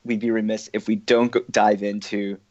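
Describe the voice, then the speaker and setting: A man's voice: lowish voice, flat delivery, normal speed, darkish tone, a little hiss or hum. A man hosting a casual group discussion, chatty and laughing often as he leads the talk. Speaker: podcast host. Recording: dull, dry lo-fi audio.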